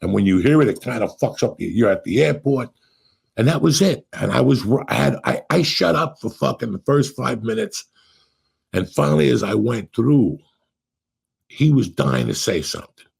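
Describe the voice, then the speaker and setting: A middle-aged man hosting a podcast, telling stories in a profane, animated way and acting out what people said. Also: medium pitch, moderate pace, creaky, breathy edge. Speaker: podcast host. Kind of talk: casual storytelling chat.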